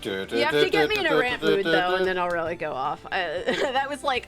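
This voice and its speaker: A woman's voice: on the low side, lively intonation, normal speed, music in the background. A woman hosting a live stream, chatting casually with friends, ranting with lots of swearing and laughter. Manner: ranting, profane, laughing often. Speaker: streamer, host of the live dub. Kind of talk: casual chat.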